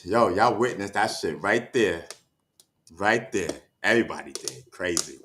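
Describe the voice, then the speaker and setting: A man's voice: deep voice, animated, a little slow, a bit bright, slight background noise. A man talking casually to his livestream chat, out of breath and catching his breath, with heavy sighs, stammered restarts and frequent checks like "you know what I mean". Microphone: streaming setup mic.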